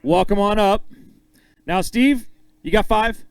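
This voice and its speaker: Man, high voice, upbeat live emcee, joking banter, dry close sound. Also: clear, resonant tone, no echo, rough recording. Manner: upbeat, joking, calls names with drawn-out emphasis. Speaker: tournament weigh-in emcee.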